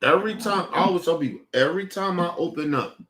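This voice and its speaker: A young man hosting a stream talks fast in a high, slightly bright voice. In a casual rant to viewers he rails against his family, heated and profane, repeating himself.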